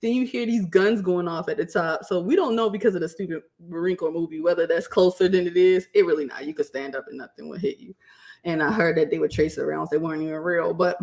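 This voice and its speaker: A woman's voice: on the low side, fast talker. Chatty woman telling stories. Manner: lively, laughs often, acts out quotes in raised voice. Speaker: former soldier telling her own stories. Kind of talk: casual storytelling vlog.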